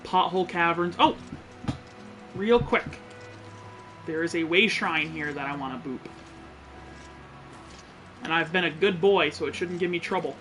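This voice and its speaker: A man's voice: high voice, bright, forceful tone, a little hiss or hum. A man streaming a game, giving joking, profane, blunt commentary. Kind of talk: casual gameplay commentary.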